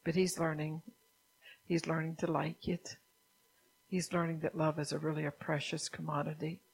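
A woman preaching a sermon who keeps asking the listeners if they understand, sometimes dropping into a soft whisper. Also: low voice, level tone, moderate pace, vocal fry, husky, rough recording. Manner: drops at times into a soft whisper.

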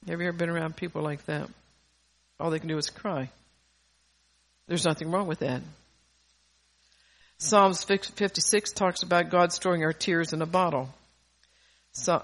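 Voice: mid-range voice, fairly bright tone. Earnest preacher reading scripture aloud. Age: adult parent. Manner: earnest, rises in force on key scripture lines; stumbles and restarts mid-phrase.

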